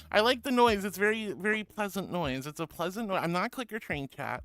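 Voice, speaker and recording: A woman's voice: medium pitch, expressive, normal speed, few pauses, fairly bright tone. Bubbly, giggly woman streamer. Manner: bubbly, giggly, calls viewers honey and sweetie. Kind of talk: casual live-stream chat.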